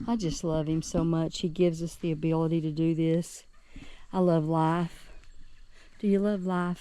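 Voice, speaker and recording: Speaking low and warm with no room sound, a West Virginia woman casually shows viewers around her home garden. She's a gardening vlogger, cheerful and chatty, addressing her audience straight on.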